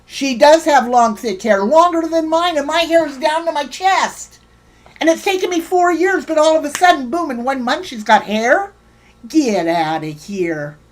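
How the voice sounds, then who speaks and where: A woman hosts a livestream in a heated, swearing rant. She keeps breaking off to thank and greet viewers in her chat by name. Her voice sits a little high. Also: normal speed. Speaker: livestream host.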